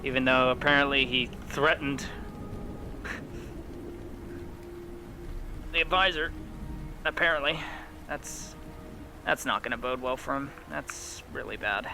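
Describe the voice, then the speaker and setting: A man's voice: medium pitch, vocal fry, rough recording. A man streaming a roleplay game, chatting casually and joking between scenes, swearing freely.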